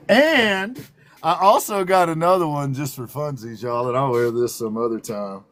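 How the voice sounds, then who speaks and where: A man's voice: medium pitch, normal speed, fairly bright tone. A man with a Southern drawl hosting a livestream talk show, playful and teasing and laughing often. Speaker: host.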